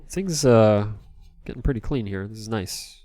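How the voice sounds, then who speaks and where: A man's voice: fairly low pitch, expressive, normal speed, warm tone, dry recording. A man streaming live as he cleans a game console, rambling in a jokey way and answering chat.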